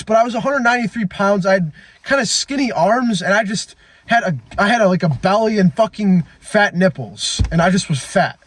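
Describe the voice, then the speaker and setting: High-voiced young man, blunt and profane. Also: dry recording. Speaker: fitness vlogger. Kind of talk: casual confessional monologue. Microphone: phone.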